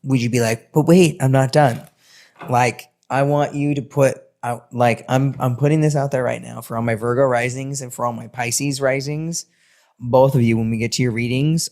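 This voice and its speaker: A man talking through a casual astrology and tarot reading on his own. He's animated and sing-songy, with loose, emphatic delivery and the odd swear word. His pitch sits in the middle of the male range. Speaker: tarot reader.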